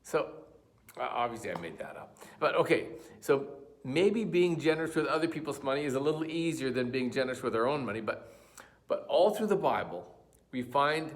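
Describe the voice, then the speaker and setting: A man's voice: mid-range voice, lively intonation, fairly quick. Man preaching a storytelling sermon. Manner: storytelling with fillers and restarts. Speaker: pastor.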